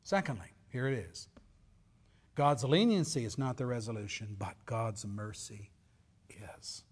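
A male pastor preaching a sermon, swinging from loud emphasis to near whispers. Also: mid-range voice, measured pace, slightly rough.

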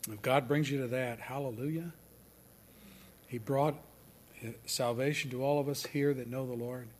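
A man preaching a sermon, swinging from loud declarations down to near-whispers. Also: mid-range voice, fairly even intonation, a little hiss or hum. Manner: slow and deliberate. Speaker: pastor.

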